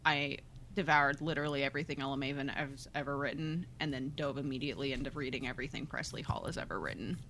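A woman's voice: very deep voice, quick pace, a bit bright, a little hiss or hum. A woman co-hosting a book podcast in casual chat, gushing and laughing often. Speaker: podcast co-host.

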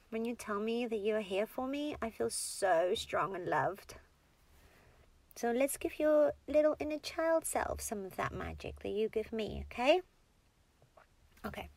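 A woman's voice: fairly high pitch, animated, measured pace, creaky, long pauses, a little mellow, dry recording. A woman in a whispered role-play as a comforting partner, tender and coaxing, often giggling and dropping into whispers.

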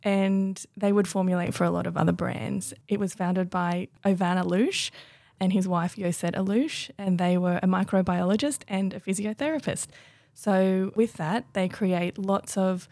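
A young adult woman, a guest on a podcast, explaining things in a measured, informative way. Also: medium pitch, fairly even intonation, gravelly, mellow, dry recording. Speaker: brand distributor guest.

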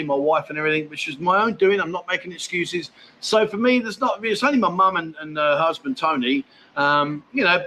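A man's voice: fairly high pitch, sharp tone, a little hiss or hum. A man from England with an English accent, hosting a casual livestream where he reads out and answers viewer comments bluntly, calling people mate. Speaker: livestream host. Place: expat home in Thailand.

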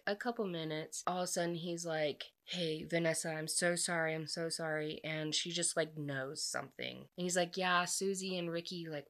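A woman's voice: low voice, fairly bright tone. A young woman casually retelling a romance novel's plot, chatty and gushing, with frequent filler words. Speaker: book reviewer. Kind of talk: casual book recap.

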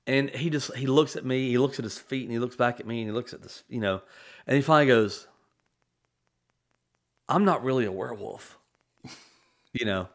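A man's voice: medium pitch, brisk. A man in his forties telling a tender family story on a talk show, rambling with many restarts and fillers. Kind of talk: storytelling in casual chat.

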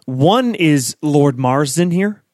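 Man, higher-pitched voice, laughing a lot, joking and profane, dry close mic. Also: expressive, slow, darkish tone, no echo. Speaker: podcast co-host. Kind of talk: casual film-review chat.

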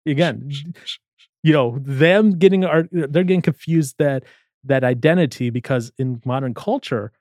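A man's voice: a little high, measured pace, dry recording. A man in casual chat, retelling a comedy scene and acting out the characters' lines. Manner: animated storyteller, acts out quoted lines.

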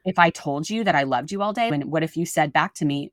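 A woman who is a mother, co-hosting a faith-based parenting podcast and telling stories in an animated way, acting out the lines she quotes. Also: deep voice, quick pace, no echo, clean studio sound.

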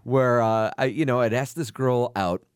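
A man's voice: medium pitch, normal speed, clear, resonant tone, dry recording, studio quality. A young man co-hosting a podcast, chatting casually about a film, telling stories and slipping into sing-song jokes. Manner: joking, tells anecdotes, bursts into sing-song bits. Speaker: podcast co-host.

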